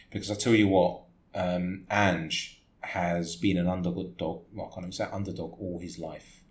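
A man co-hosting a football podcast in casual chat, joking and laughing as he riffs. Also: low-pitched. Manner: laughing, animated when joking. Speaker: podcast co-host. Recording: echoey room with faint noise.

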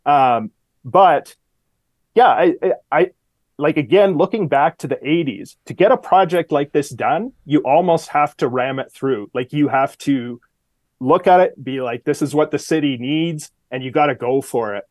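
A man talking as a guest commentator in a casual interview, relaxed and full of fillers, sometimes shifting his voice to quote people. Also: on the high side, a little slow, no echo. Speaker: guest commentator on city politics.

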